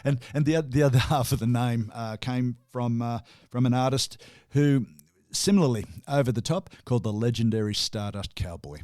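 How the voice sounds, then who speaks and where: A man with an Australian accent co-hosting a relaxed music talk show, chatting easily with chuckles and restarts. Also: mid-range voice, moderate pace, hardly any pauses, dry recording, clean studio sound. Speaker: radio co-host. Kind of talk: casual chat.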